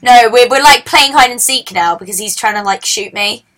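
A woman hosting a casual let's-play, chatting and excitably yelling at the game. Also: on the high side, moderate pace. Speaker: gaming channel host.

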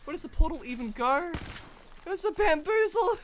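A woman giving excitable, frantic gameplay commentary, often breaking into laughs. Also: very high-pitched, normal speed, slight background noise. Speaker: gaming video creator. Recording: gunfire and game sounds behind voice. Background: game gunfire and effects.

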